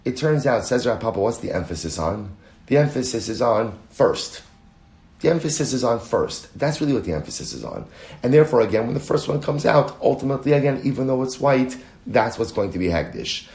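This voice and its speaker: A man, a rabbi, teaching a daily Talmud class, animated and quick when he reads Aramaic quotes. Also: medium pitch, gravelly, echoey room. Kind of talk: Talmud lecture.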